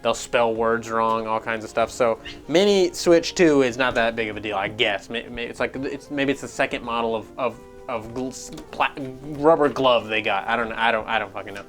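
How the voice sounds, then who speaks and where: A man hosts a casual gaming news rant, swearing freely and sneering sarcastically as he gets worked up. His voice sits at an ordinary middle pitch for a man. Faint music plays underneath. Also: normal speed. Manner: profane, excitable, sarcastic. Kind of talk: casual ranting commentary.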